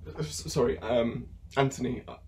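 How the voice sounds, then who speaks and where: A young adult student actor with a mid-range, slightly mellow, everyday-sounding voice speaks at normal speed, with slight background noise. In a theatre monologue performed online, he plays a desperate food courier on the phone, stammering, pleading and bursting into anger.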